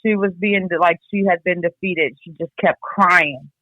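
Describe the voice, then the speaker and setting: A woman from Iowa giving a candid personal account, blunt and halting, swearing freely as she reflects. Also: fairly low pitch, steady tone, no echo. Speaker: guest, host's sister. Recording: tinny phone line.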